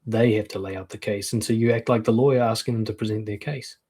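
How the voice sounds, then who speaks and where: A man talks through relationship advice in a relaxed, frank coaching manner, slipping into short acted-out comebacks. His voice sits on the low side and has a husky, slightly rough edge. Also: quick pace. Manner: frank, conversational, acts out quoted comebacks. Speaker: dating and confidence coach. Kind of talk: casual advice talk to camera.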